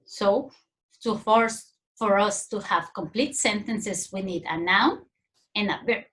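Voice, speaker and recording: A woman with a Mexican accent teaching a grammar lesson to young children, in a clear, sing-song teacherly way. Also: mid-range voice, slow, a bit bright.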